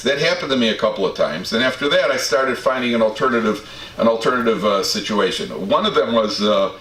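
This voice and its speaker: A man's voice: medium pitch, fairly bright tone. A male rabbi telling humorous personal stories to an audience, with self-deprecating jokes and frequent stammered restarts. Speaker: rabbi and lecturer. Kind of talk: storytelling talk to an audience. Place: community study hall. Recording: roomy hall from a distance, faint background ambience.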